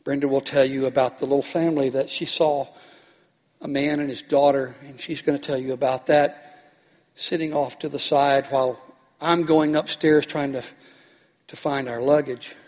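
In a sermon recorded with long hall reverb, a pastor animatedly tells a story and voices its characters. His voice is medium-pitched, steady, and darkish, at a moderate pace.

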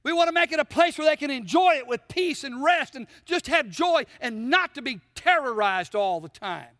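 Male preacher with a bright, sharp voice; emphatic sermon delivery in a church with long reverb. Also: very high voice, animated, moderate pace, studio quality. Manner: emphatic preaching, rhetorical questions to the congregation. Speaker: pastor.

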